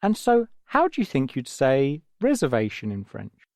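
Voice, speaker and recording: English guy teaching kids slowly and gently, voice bouncing up and down a lot, dry studio sound. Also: mid-range voice, huge pitch swings, no room sound. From England. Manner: patient, gentle, explaining step by step. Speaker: language teacher. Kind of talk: scripted audio lesson for children.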